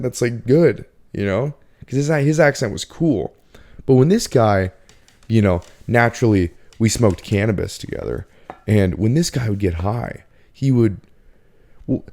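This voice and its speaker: A man's voice: lowish voice, creaky, dark tone. A man hosting a casual solo podcast, talking in a rambling, laid-back way and peppering his speech with "like" and "dude". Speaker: podcast host.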